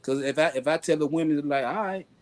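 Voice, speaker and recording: Animated man talking slang, high-pitched. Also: fast talker. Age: adult with a daughter. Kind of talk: casual chat.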